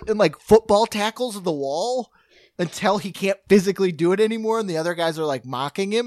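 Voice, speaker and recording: High-voiced man chatting eagerly, dry sound. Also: moderate pace, dry recording. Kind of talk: casual chat.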